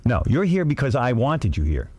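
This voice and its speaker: A man's voice: medium pitch, huge pitch swings, moderate pace, darkish tone, husky, no room sound. A man hosting a radio talk show, wry and teasing as he leads the banter. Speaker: radio host.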